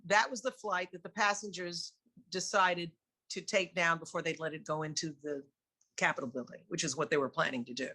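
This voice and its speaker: A woman with a New York accent, an interview guest and singer, telling candid stories in a lively way and laughing often. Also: lowish voice, fairly quick. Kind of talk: casual storytelling in an interview.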